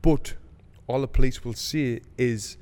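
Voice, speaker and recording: Middle-aged man, podcast co-host, animated swearing storyteller, long room reverb. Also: mid-range voice, a little slow. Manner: animated, swearing, acts out quoted voices. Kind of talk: casual storytelling chat.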